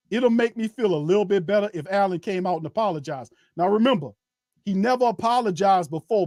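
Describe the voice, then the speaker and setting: A man's voice: high-pitched, no room sound, studio quality. A man, a sports show host ranting angrily through live fan commentary, profane and repeating himself for emphasis.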